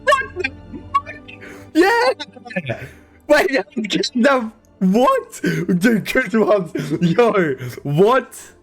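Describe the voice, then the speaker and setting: A young-sounding man reacting to a film with high, wildly lively pitch and an unhurried delivery. He swears often and breaks into laughs and shouts. The film's music plays clearly behind him. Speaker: reaction video host. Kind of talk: excited movie reaction commentary. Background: film soundtrack music playing.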